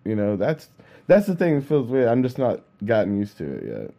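A man's voice: fairly low pitch, huge pitch swings, fairly quick, vocal fry, dull audio. A man who is a musician and podcast co-host, talking casually and hesitantly, often trailing off. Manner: hesitant, trails off, self-doubting. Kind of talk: casual chat.

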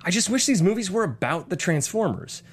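A young adult man co-hosting a casual movie podcast, animated and swearing freely. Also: high-pitched, a little fast, breathy edge. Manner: animated, swears freely, does mock voices. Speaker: podcast co-host.

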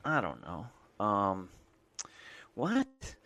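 A man's voice: on the low side, lively intonation, a little slow, fairly bright tone. A man from the United States, a mailman and podcast host, rambling casually with lots of fillers and restarts.

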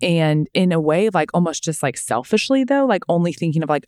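A woman's voice: lowish voice, expressive, fairly quick, hardly any pauses, darkish tone, no echo. A woman co-hosting a faith podcast, talking in an earnest, reflective way with many "like" fillers. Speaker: podcast co-host. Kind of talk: casual faith chat.

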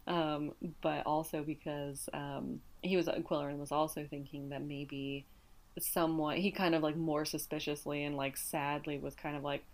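A woman co-hosting a podcast, casually summarizing a book's plot with lots of fillers and restarts, her voice a little hoarse. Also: deep voice, level tone, moderate pace. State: slightly hoarse. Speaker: podcast co-host. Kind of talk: casual book discussion.

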